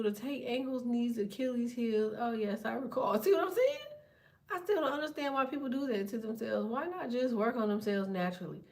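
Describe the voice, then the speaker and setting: A woman's voice: on the high side, far from the mic. A woman in her thirties from the United States, ranting bluntly and profanely to viewers as a tarot vlogger. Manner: blunt, profane, animated storytelling. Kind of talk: profane casual rant to viewers.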